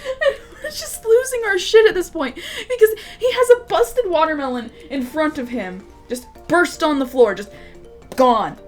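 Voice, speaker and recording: A woman's voice: very high voice, lively intonation, a little slow, faint music behind. A young adult woman vlogger telling a rambling, laugh-filled story in casual talk, swearing freely.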